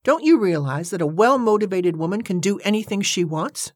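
A woman's voice: medium pitch, lively intonation, fairly quick, no room sound, studio quality, voice pushed up, close to an everyday voice. A woman reading an audiobook, voicing a haughty, indignant woman who leads an activist movement. She declaims in a pompous manner. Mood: indignant, declaiming.

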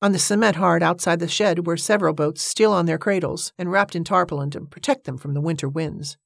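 A woman narrating a novel aloud in a measured, even storytelling manner. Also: fairly low pitch, gravelly, no room sound, studio quality. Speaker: audiobook narrator. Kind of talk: scripted narration.

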